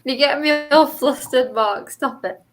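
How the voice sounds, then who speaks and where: A woman's voice: high-pitched, poor audio. A woman with a mix of Liverpool and posh English accent, chatting casually on a video call, giggly and bluntly teasing. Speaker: group chat participant. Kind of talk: casual chat.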